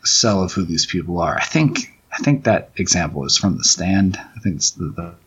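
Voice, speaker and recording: A man's voice: sits low, expressive, fairly bright tone, breathy edge, lo-fi sound. A man who writes comics, talking through his own book on a casual commentary track, rambling and often restarting his sentences. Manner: rambling, halting, many restarts and fillers.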